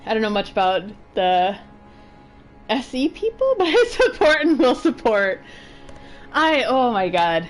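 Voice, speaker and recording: A woman chats her way through a video game as a streamer. Her voice sits a little high and swings widely in pitch. She giggles often and lets out yelps under pressure. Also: very animated, a little slow, long pauses, soft background music. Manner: chatty and giggly, yelps when stressed. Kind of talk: casual gaming commentary.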